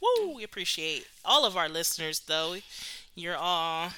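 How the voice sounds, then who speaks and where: A woman's voice: lowish voice, very animated, unhurried, bright, forceful tone, clear, resonant tone, low-quality recording. A young woman co-hosting a podcast in casual, playful chat full of jokes. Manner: playful, joking. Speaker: podcast co-host.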